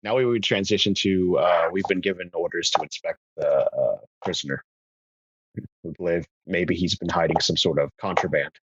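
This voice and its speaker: A man playing a tabletop game, talking in a hesitant, halting way. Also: deep voice, slightly rough, no room sound, muffled recording. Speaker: player.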